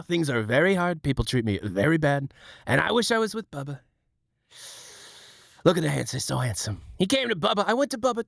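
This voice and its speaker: A man doing an impression of a boastful, sentimental elderly politician, in a high, whiny, self-pitying voice. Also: vocal fry, dry recording, clean studio sound, exaggerated voice.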